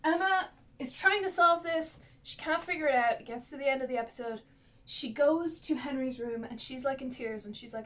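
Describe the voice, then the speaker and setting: A woman's voice: high voice, normal speed, a bit bright. A woman vlogger rambling through a casual recap of a TV show's plot, with lots of "like" and asides.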